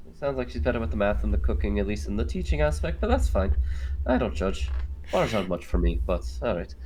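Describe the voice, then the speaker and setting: With a medium, slightly mellow voice and slight background noise, a game master plays a motherly, jokey cook in a put-on Scottish accent during tabletop role-play. The delivery is chatty and teasing, rambling with many fillers and self-corrections.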